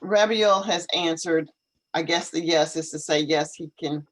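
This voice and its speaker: Live-stream host, English teacher: slow deliberate pace, talks through setup troubles aloud, repeats questions. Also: medium pitch, fairly bright tone, faint music behind, poor audio. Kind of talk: casual live-stream chat. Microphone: computer video call.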